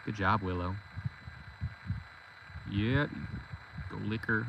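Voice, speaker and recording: Forty-year-old man, low voice, easygoing farm vlogger, noisy outdoor take. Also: fairly even intonation, takes it slowly, vocal fry, long pauses. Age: 40s. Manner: talks to his goats in a playful, teasing way. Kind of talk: casual chat. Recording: outdoor noise behind. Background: goats and outdoor ambience.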